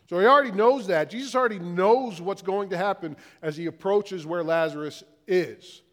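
Male pastor, middle-aged, raised voice, slow stacked rhetorical questions, long hall reverb. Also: sits high, a bit bright. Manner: questions repeated in a slow, building list. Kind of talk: sermon.

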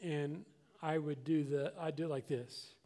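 A man's voice: a little high, steady tone, measured pace, dark tone. An older man preaching a conversational sermon as a pastor, earnest and plainspoken, often restarting and repeating words.

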